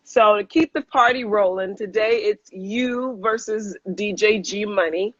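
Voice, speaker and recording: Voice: medium pitch, measured pace, a bit bright, no room sound, lo-fi sound. A Southern host running a casual interview on a video call, speaking in an agreeable way with many fillers. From American South. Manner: friendly, agreeable, filler-heavy.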